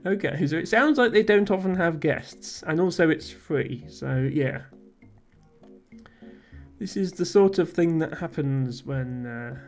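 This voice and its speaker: A woman's voice: low voice, expressive, unhurried, soft background music. A woman streamer playing a game live, chatting casually, laughing often and reading game text aloud.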